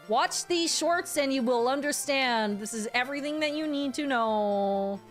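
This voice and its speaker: A woman with a high, bright pitch talks casually to her live-stream viewers. She is excitable, swears freely and circles back over her own phrases as she goes. Faint music plays softly underneath her. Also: a little slow.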